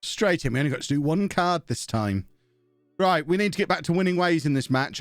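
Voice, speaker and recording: A man on a live stream, talking through a football management game in a loose, chatty way. He thinks out loud, mocks himself and keeps breaking off to thank subscribers. His voice sits a little high, with faint game music underneath. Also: lively intonation, a little fast, dry recording. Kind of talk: casual live-stream commentary.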